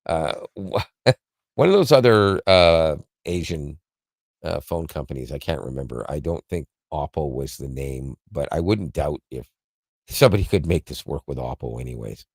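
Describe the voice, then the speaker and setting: A man's voice: extremely low pitch, expressive, normal speed, vocal fry, dry recording, studio quality. A man co-hosting a casual tech podcast, explaining an app in a rambling, self-correcting way with frequent chuckles.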